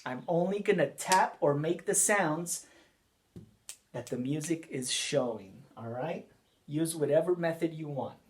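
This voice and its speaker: Guy teaching kids a music lesson, super slow and patient, keeps asking questions and going over it again. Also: on the high side. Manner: patient, repeats each step, asks the class questions.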